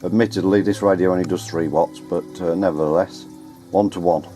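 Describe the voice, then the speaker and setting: Low-voiced chatty man. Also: fairly even intonation, brisk, warm tone, faint music behind. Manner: chatty, rambling, self-correcting. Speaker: radio hobbyist vlogger. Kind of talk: casual running commentary to camera. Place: outdoors at home on ladders and in the garden. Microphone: handheld camera mic.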